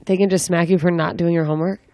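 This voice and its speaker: A woman's voice: on the low side, steady tone, fast, warm tone, no echo. A young woman interviewing a guest in a casual chat, asking rambling, joking questions with lots of fillers. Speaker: interviewer, comedian.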